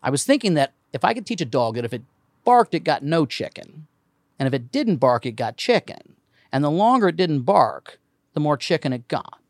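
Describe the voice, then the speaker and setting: A man from Indiana, a comedian, telling a story in casual podcast chat. He is animated, swears freely and acts out voices. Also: fairly high pitch, moderate pace, dry recording, studio quality.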